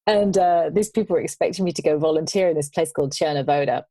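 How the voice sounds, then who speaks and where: A woman guest on a podcast, telling travel stories in casual conversation, animated and laughing now and then. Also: sits low, fast talker, no room sound.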